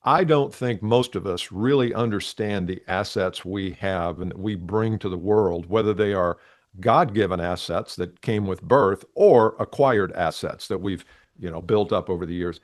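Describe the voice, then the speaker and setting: A man's voice: low voice, normal speed, dry recording, studio quality. A man in his sixties, a podcast guest giving earnest, direct motivational advice. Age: 60s.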